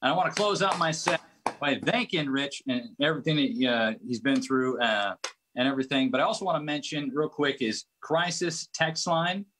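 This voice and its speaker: A man's voice: a little high, moderate pace. Casual male stand-up comic with a faint noisy background on a video call. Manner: casual, rambling, with a deadpan punchline. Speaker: stand-up comedian. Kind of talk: stand-up set closing.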